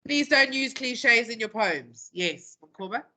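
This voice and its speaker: A woman teaching a classroom lesson, playful and dramatic, stretching out key terms slowly and acting out example phrases. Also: on the high side, expressive, pushed and bright, a little hiss or hum. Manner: playful, acts out quotes in dramatic voices.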